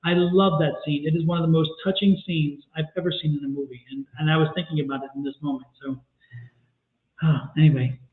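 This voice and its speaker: A man co-hosting a tarot reading livestream, chatting in an animated, enthusiastic way. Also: a little high, fast. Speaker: tarot reader co-host. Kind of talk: livestream chat. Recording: echoey, phone-like audio.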